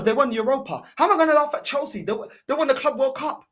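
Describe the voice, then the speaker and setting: A woman's voice: high voice, lively intonation, quick pace, a bit bright. A woman ranting about her football club in an exasperated, repetitive way. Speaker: football fan streamer. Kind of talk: ranting fan commentary.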